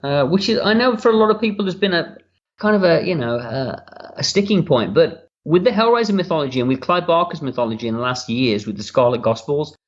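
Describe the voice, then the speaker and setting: A man's voice: a little high, expressive, brisk, dull audio. A man talking candidly and at length as a director's commentary, rambling and cursing casually, recorded at home. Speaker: writer-director giving commentary. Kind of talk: relaxed audio commentary. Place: home room.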